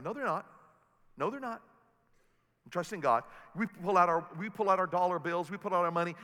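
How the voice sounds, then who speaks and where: A man preaching a sermon as pastor, animated and humorous as he tells stories to his congregation. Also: high voice, fairly quick, long reverb tail. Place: large auditorium.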